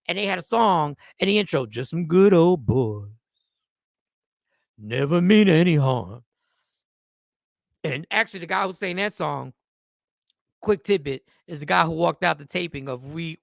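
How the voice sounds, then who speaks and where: A middle-aged man hosts a loose, profane comedy talk show, riffing and reading comments aloud. His voice is high, with a gravelly edge and a bright, forceful ring. It is recorded close and dry. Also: a little fast, dry recording. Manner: animated, joking, swearing, reads chat comments aloud. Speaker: host.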